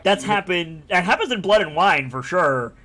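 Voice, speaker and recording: Rambling, fast-swearing man chatting on stream. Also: high voice, lively intonation, background noise. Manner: rambling, enthusiastic, swears freely. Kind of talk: casual chat.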